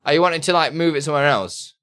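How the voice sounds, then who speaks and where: A man's voice: fairly high pitch, racing, a bit bright. A man chatting casually on a live stream, reading out chat questions and laughing often.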